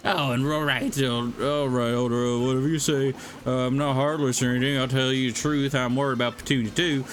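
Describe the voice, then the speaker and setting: A man's voice: a little high, fairly even intonation, normal speed, pushed and bright. A man voicing a proud, stubborn young male creature who sneers at the hero, reading game dialogue aloud. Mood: grudging. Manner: sneering, defiant.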